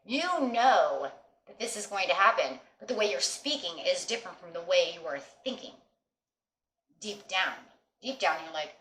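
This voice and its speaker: A woman with a lowish voice reads tarot for her viewers in a casual, reassuring way, checking in with "okay?" again and again. She sounds like she is in an echoey room with a faint hiss behind her. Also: expressive, normal speed, a bit bright. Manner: reassuring, repetitive with frequent "okay?" and "you know". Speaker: tarot reader.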